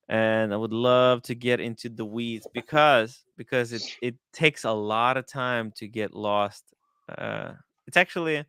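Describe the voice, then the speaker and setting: Hyped-up guy hosting a live stream, bright crisp voice, talks in bursts and repeats stuff. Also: medium pitch, no room sound. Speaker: livestream host. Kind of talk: casual livestream chat.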